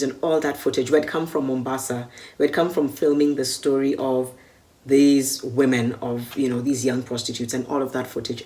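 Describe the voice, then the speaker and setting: Low-voiced Kenyan woman telling a story. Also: steady tone, normal speed, darkish tone. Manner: vivid, acts out the dialogue. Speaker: media personality recalling a con. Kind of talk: recounting a personal story.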